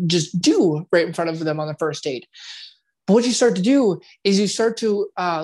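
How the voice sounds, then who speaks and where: Casual profane man giving relationship advice. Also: high voice. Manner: casual and profane, acts out quoted inner voices; speaks more quietly at times. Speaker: relationship coach. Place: at home.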